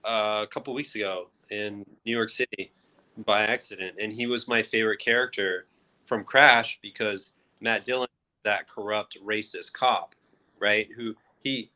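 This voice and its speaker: A man's voice: lowish voice, fairly even intonation, moderate pace, sharp tone. A man who is an author guest on a live show, speaking over his phone and telling his story in an earnest, reflective way.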